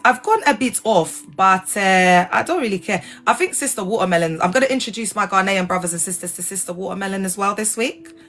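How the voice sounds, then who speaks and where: A woman hosting a casual livestream, talking in an animated, digressive way and spelling out sensitive words letter by letter. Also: fairly low pitch. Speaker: livestream host. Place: lives in England.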